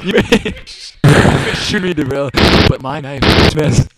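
A man's voice: fairly high pitch, lively intonation, unhurried, very noisy. An actor playing a vengeful male convict with a knife, taunting with mocking laughs in 1940s radio acting style.

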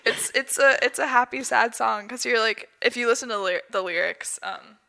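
Bright, gravelly young woman podcaster. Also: on the high side, normal speed. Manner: chatty, laughs often, many fillers. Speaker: podcast co-host. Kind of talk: casual chat.

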